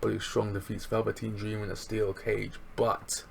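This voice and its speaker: A man with a gravelly, slightly low voice talks through a show recap in a loose, excitable way. His speech is slangy and full of chuckles. There is a faint hiss behind him. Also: normal speed. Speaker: wrestling show reviewer. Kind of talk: casual recap chat.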